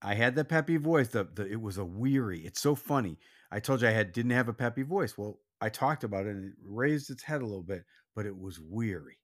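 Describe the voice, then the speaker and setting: A man co-hosting a casual sports podcast, speaking earnestly and reflectively, sometimes dropping to a quiet voice. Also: on the low side, lively intonation, brisk. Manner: earnest, reflective, drops to a soft, quiet voice when doubtful. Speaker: podcast co-host.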